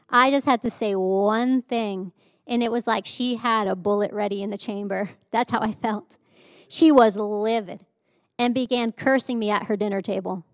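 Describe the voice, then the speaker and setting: A woman's voice: on the high side, dry recording, studio quality. A woman in her thirties preaching, telling a personal testimony in a candid way with laughs and restarts. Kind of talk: sermon testimony.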